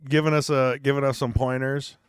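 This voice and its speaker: A man's voice: medium pitch, level tone, brisk, clean tone, dry recording. Chatty guy doing laid back pool commentary, middle voice, dry sound. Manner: easygoing, chatty. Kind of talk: live sports commentary.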